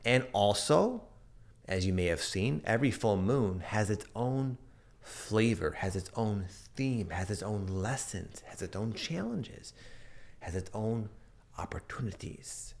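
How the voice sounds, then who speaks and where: A man's voice: lowish voice, animated, unhurried, vocal fry. A man in his thirties giving a casual, earnest astrology update and sharing personal stories as he reflects. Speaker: astrology and energy reader.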